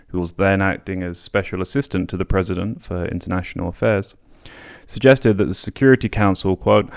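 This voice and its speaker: A man's voice: low-pitched, gravelly. A man hosting a podcast, reading and paraphrasing a history book aloud, with casual asides and the odd stumble over a word. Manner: reads long quotes with casual spoken asides; occasional stumbles and restarts on words. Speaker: podcast host.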